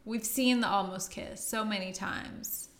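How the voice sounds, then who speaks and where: A woman's voice: mid-range voice, steady tone, unhurried, fairly bright tone, roomy sound. A woman co-hosting a casual movie review chat, laughing often and trailing off mid-sentence. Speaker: podcast co-host.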